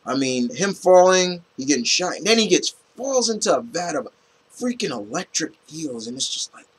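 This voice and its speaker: A man giving a casual, rambling movie review, animated and full of restarts and fillers. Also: on the high side, normal speed, a little hiss or hum, low-quality recording.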